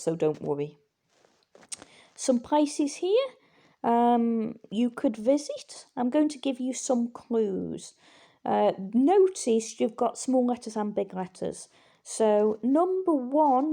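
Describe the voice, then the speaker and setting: A woman teaching a recorded language lesson, patient and reassuring, with frequent fillers and pauses. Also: fairly high pitch, dark tone.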